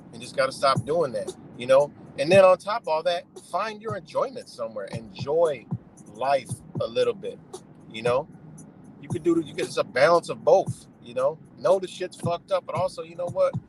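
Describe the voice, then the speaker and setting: A man's voice: on the high side, animated, moderate pace, slight background noise, low-quality recording. A man ranting casually and profanely from his car on a live stream, rambling and saying "you know" over and over. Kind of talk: casual rant. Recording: clear music under the voice.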